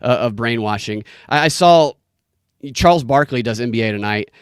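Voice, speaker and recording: A man's voice: mid-range voice, expressive, normal speed, clear, resonant tone, no echo, studio quality. A man hosting a podcast, telling long rambling stories in casual chat with lots of restarts. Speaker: podcast host.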